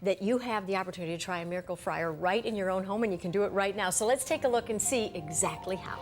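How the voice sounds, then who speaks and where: A woman's voice: mid-range voice, fast, faint music behind. A woman co-hosting a TV infomercial, tasting food and gushing over it. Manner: gushing, effusive taster. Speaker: infomercial co-host. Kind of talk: scripted TV sales demonstration.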